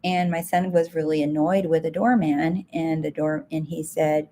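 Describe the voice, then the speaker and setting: A woman's voice: low-pitched, steady tone, moderate pace, mellow. A woman success coach answering viewer comments live, direct and emphatic, repeating her key points.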